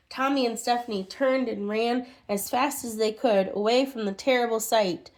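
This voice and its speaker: A woman reading a children's storybook aloud in an expressive way, with small restarts. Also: a little high, unhurried. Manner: expressive, with restarts and muttered asides.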